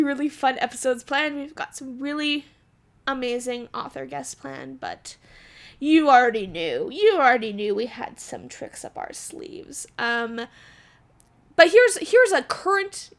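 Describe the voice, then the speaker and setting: Bubbly high-voiced young woman. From Alberta, Canada. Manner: bubbly, chatty, laughs often. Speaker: podcast co-host. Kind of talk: casual chat.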